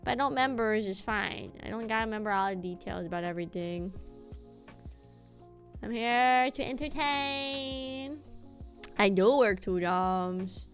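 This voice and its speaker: A woman's voice: medium pitch, steady tone, fairly quick, hardly any pauses, faint music behind. A young adult woman streaming, chatting casually and at length while she plays, with easy rambling and casual swearing. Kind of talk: casual chat while gaming.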